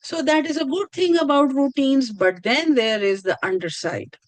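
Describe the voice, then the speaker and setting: A woman's voice: high-pitched, normal speed, no echo, poor audio. Earnest woman lecturing on a video call. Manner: earnest, repeats and restarts phrases. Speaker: course instructor. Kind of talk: online lecture.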